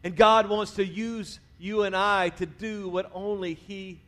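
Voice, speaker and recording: A man preaching a sermon in a church, talking conversationally, dropping quiet at the ends of phrases and rising to urge the congregation on. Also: sits high, steady tone, a little slow. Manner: conversational preaching, drops to quiet endings, rises to urge the crowd. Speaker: pastor. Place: church sanctuary.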